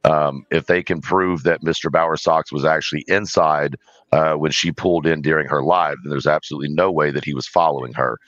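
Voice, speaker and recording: A man speaking as a panel guest on a livestream, in a measured, cautious way with frequent ums. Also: extremely low pitch, fairly even intonation, a bit bright, dry recording. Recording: dull lo-fi dry call audio.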